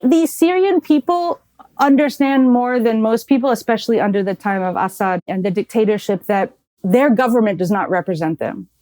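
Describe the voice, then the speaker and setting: A woman's voice: a little high, normal speed, no room sound. A middle-aged woman, a nonprofit head, telling stories in a podcast interview and acting out the voices of people she quotes, laughing now and then. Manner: animated storyteller who acts out quoted voices with laughter. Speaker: nonprofit CEO, guest. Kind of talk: conversational interview storytelling.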